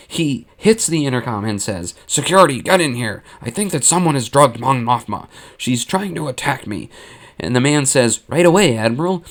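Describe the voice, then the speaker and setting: Man, storyteller, deadpan, matter-of-fact, middle pitch, fan what-if narration.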